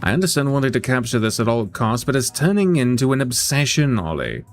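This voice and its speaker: A man's voice: mid-range voice, sing-song, fairly quick, faint music behind. A man doing a weary, guilt-ridden doctor. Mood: troubled. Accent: put-on accent. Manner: heavy, quiet and troubled. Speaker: player character.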